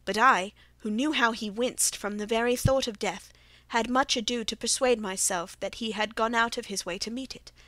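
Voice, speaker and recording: A woman reads a classic story aloud as an audiobook, keeping a steady, measured first-person telling. Her voice sits fairly high. The recording is dry and close, with no room sound. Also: no room sound. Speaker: audiobook narrator.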